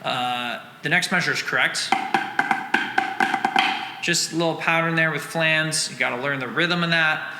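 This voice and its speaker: Man, drum teacher, counts and scats rhythms aloud, long reverb, loud drum music behind. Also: a little high, moderate pace. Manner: relaxed explaining with fillers. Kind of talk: drum lesson breakdown. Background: drum line music.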